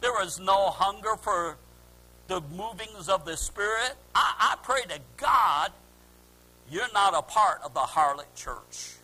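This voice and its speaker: A man preaching a fervent sermon as pastor, swinging between quiet, drawn-out lines and shouted calls. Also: sits high, animated, husky, poor audio.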